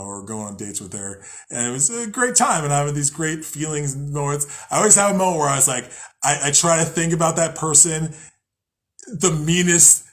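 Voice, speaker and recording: A young podcast host with a mid-range, fairly bright voice rambles casually about spirituality. He swears frequently, laughs at himself, and at times acts out angry voices.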